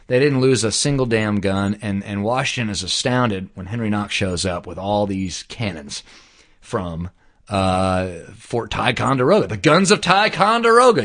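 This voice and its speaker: Regular guy retelling a story, casual, swears, says man and dude a lot. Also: lowish voice. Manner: animated, slangy, swears, fillers.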